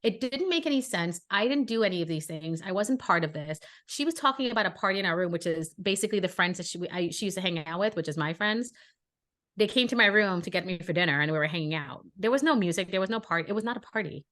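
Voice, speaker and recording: A woman's voice: fairly low pitch, expressive, fast, a bit bright. A woman podcast co-host, from Brooklyn, telling a story in casual chat and acting out the dialogue with indignant energy.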